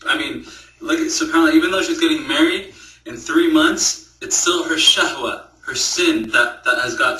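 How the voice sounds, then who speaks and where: A man giving a moral story as a religious speaker, halting and repeating words and checking in with "right?". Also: on the high side, pushed and bright. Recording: echoey room, speaker far from the mic.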